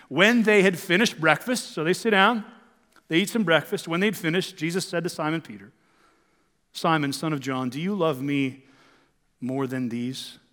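Male pastor, sermon, chatty and emphatic, raised pitch, echoing church hall. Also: a bit bright. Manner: conversational, rhetorical questions, emphatic swings.

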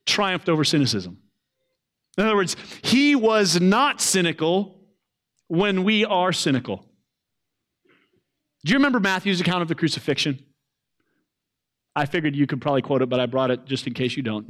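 A man preaching a sermon, earnest, swelling to loud emphasis and dropping to soft, low lines. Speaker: pastor.

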